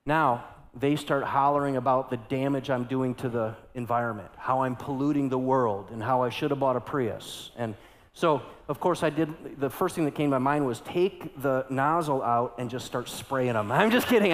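A middle-aged male pastor preaching a sermon, going from hushed storytelling to loud, urgent exclamations. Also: mid-range voice, moderate pace, long reverb tail.

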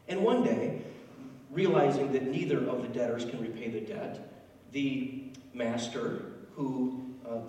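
A man's voice: medium pitch, darkish tone. A male pastor preaching a sermon in a conversational, emphatic storytelling manner, recorded in a large church. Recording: echoey hall, distant mic, faint noise.

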